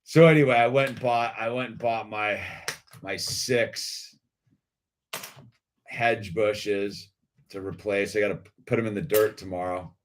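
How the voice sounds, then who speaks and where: A man's voice: fairly low pitch, fairly even intonation, unhurried, long pauses, a little hiss or hum. A middle-aged man telling a rambling story in laid-back slang, calling everyone dude and laughing often. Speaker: video creator.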